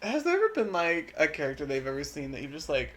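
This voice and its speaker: A woman's voice: low-pitched, very animated, fast. Rambling woman podcast storyteller. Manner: rambling, full of "like", acts out quotes. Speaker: podcast co-host. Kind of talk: casual storytelling chat.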